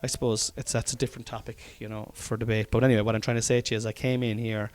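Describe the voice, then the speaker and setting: A man's voice: fairly low pitch, flat delivery, rapid-fire, darkish tone. An Irish man, a comedian hosting a podcast, chatting casually at home, swearing often and rambling. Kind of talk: casual chat. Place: study by an open fire at home.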